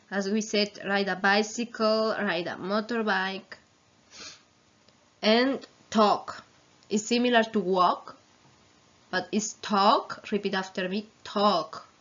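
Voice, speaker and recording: Slow, patient woman drilling vocabulary. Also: mid-range voice, fairly bright tone. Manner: slow, repeats each word, gives Spanish translations. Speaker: English teacher. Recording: slightly dull lo-fi recording.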